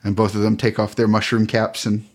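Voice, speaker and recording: A man narrating a tabletop game as game master, unhurried and halting, with many fillers. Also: on the low side, completely flat delivery, a little mellow.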